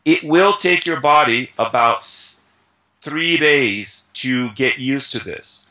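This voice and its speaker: A man's voice: mid-range voice, lively intonation, takes it slowly, bright, forceful tone, poor audio. A man being interviewed as an Ayurveda instructor, explaining diet ideas conversationally with everyday analogies and frequent fillers.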